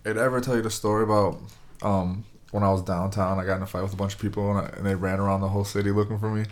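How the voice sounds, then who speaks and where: Man, fast talker, fairly low voice, rambling casual storytelling. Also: level tone. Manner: rambling, lots of "like" and "you know". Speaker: friend telling a story.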